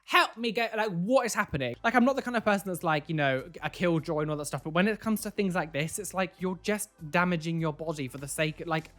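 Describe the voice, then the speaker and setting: A man's voice: sits high, quick pace, few pauses, a bit bright, soft background music. A man hosting a casual reaction video, talking in an incredulous way that is full of repeated "like" and "what", and giving preachy warnings to viewers.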